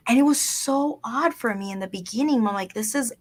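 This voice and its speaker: Speaking at a moderate pace with hardly a pause, this woman in her thirties spins casual stories for a radio audience. She mixes Spanish phrases into her English, and her mid-range voice is picked up by a studio microphone.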